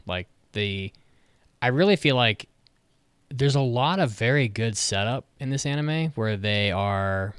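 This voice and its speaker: A man's voice: on the low side, moderate pace, fairly bright tone, clean tone, dry recording. A man co-hosting a podcast, giving a blunt, profanity-heavy anime review in casual chat. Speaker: podcast co-host.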